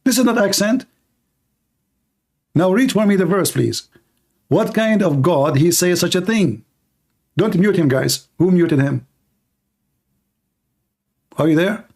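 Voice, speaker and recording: Insistent man with a high voice debating. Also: expressive, slow, pauses often, a little mellow. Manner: insistent, repeats himself, talks over the caller. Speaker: debate host. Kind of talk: live religious debate.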